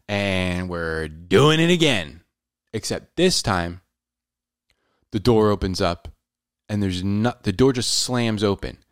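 A man telling a personal story in a casual, animated way, often saying "dude". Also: fairly low pitch, no room sound, clean studio sound. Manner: animated, says "dude" a lot.

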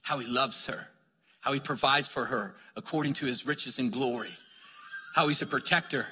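A man's voice: medium pitch, normal speed, pushed and bright, breathy edge. A man preaching a sermon with energy, telling stories and urging the congregation on with calls of "come on.". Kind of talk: sermon storytelling. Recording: long hall reverb.

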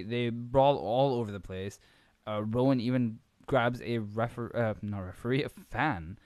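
A male podcast host giving a casual, rambling wrestling recap full of swearing, fillers and quick impressions. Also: medium pitch, no echo.

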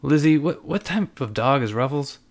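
A man's voice: medium pitch, expressive, normal speed, pitched above the performer's own voice, close to an everyday voice. A man voicing a persistent young man who keeps pleading and pressing. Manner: pleading, insistent. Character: young man, persistent, odd sudden charm.

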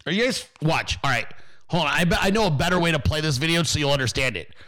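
Loud swearing male political ranter. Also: on the high side, expressive, fast talker. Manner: loud, mocking, swears constantly. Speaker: political commentary streamer. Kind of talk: profane ranting commentary.

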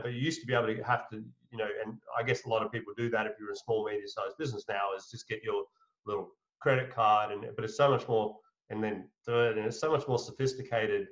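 A man's voice: fairly low pitch, gravelly. Rambling, swearing man telling a story. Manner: rambling, with many fillers, restarts and swearing; chuckles while telling a story. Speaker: interview guest. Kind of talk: casual anecdote telling. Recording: slightly muffled audio.

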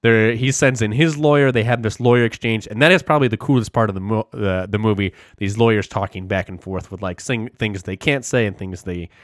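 A man recapping a movie in a casual podcast chat, animated and heavy on the swearing as he rambles through the plot. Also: fairly low pitch, brisk, few pauses, dry recording, clean studio sound. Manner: animated, profane, rambling storyteller.

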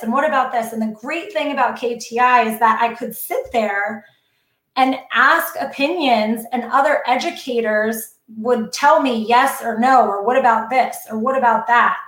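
A high-voiced woman chats casually as a podcast guest, effusive and openly emotional. Her voice rings in an echoey room. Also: fairly bright tone. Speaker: guest educator.

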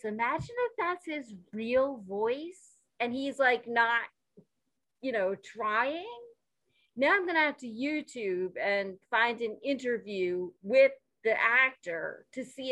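A woman co-hosting a podcast, playful and excitable in casual comedic chat. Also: high-pitched, dry recording. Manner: playful, excitable, exclaims often. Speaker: podcast co-host.

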